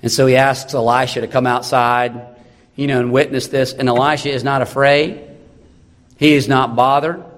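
A man's voice: medium pitch, steady tone, moderate pace, in a large hall. A man preaching a sermon as pastor, earnest and encouraging, repeating key phrases for emphasis.

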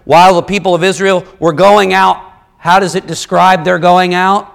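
A man preaching a sermon, reading scripture and explaining it with lively, conversational asides. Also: high voice, moderate pace, gravelly. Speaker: pastor.

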